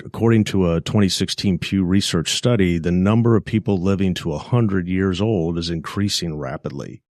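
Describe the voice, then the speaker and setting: Male podcast host, very low voice, dry close sound, measured scripted delivery. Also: a little mellow, no echo. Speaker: podcast host, financial advisor.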